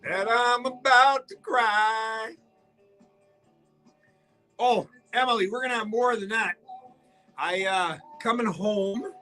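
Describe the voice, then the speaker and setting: A man with a high, bright voice runs a live behind-the-scenes stream, bantering cheekily with commenters. His talk is loose and joking, with faint music playing underneath. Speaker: radio host reading viewer comments on a livestream. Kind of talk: casual live-stream chat with viewers.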